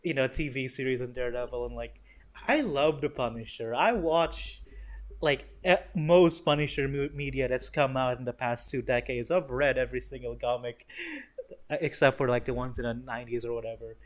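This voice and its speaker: At medium pitch, with a steady tone and moderate pace, a young man rambles through a casual movie review. He swears often, sounds sarcastic, and fills his talk with fillers and restarts.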